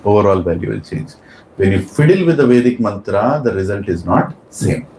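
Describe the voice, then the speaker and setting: A man's voice: fairly low pitch, lively intonation, a little fast, darkish tone, a little hiss or hum. A man teaching a class of devotees, quizzing them with questions and stressing his points. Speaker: spiritual teacher. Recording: echoey room.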